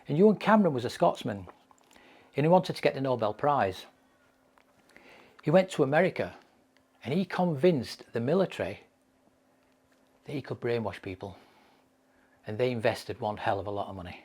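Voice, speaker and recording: A man's voice: medium pitch, expressive, moderate pace, long pauses, a little mellow, slightly rough. A man giving a mental health training lecture, telling case stories with emphatic repetition.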